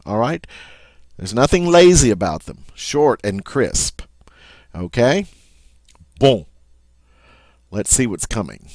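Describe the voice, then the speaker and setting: A man's voice: mid-range voice, big pitch swings, a little slow, darkish tone, no room sound. A man teaching French pronunciation, patiently modeling each sound and checking in with "all right?" as he goes. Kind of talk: pronunciation lesson.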